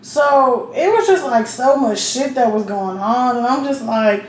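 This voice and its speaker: A young woman talks straight to camera, blunt and profane and full of asides to the viewer. Her voice sits a little high. The room adds a roomy echo over a faint hiss of noise. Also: measured pace, few pauses. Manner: blunt, profane, chatty, keeps checking in with the viewer. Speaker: vlogger. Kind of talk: casual storytelling while getting ready.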